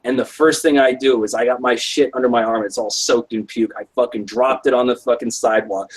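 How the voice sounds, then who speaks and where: With a husky, medium-pitched voice and lively intonation, this young man talks fairly quickly with hardly any pauses. He's telling a rambling story on a live stream, full of swearing and "like," and the audio quality is poor.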